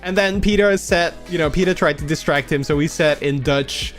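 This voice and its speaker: A young man hosting a casual livestream, rambling and halting with many restarts while a little under the weather. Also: a little high, faint music behind. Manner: acts out quoted people in a raised voice. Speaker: livestream host.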